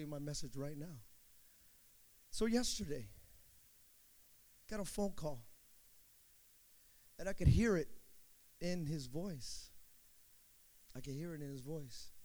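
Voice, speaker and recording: A male pastor preaching a sermon with call-and-response, swinging between shouted emphasis and hushed storytelling. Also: sits high.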